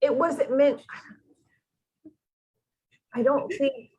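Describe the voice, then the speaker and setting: A woman speaking in a gentle, earnest way as she gives spiritual counseling in a channeling session. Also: sits high, extremely slow, poor audio. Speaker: channeling medium.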